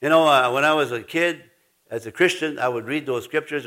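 A man's voice: mid-range voice, brisk, sharp tone. A man preaching a sermon, telling rambling stories with restarts, laughter and many asides. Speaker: pastor.

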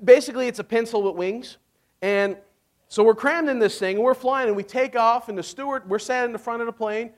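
A man preaching a sermon, retelling the story with lively acted-out voices and frequent laughs. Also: extremely high pitch, brisk. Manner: animated, acts out voices, laughs often. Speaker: pastor.

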